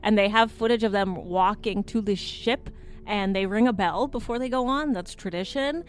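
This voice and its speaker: A woman's voice: medium pitch, moderate pace. A woman co-hosting a morning radio show, telling a story in a chatty way. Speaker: radio co-host.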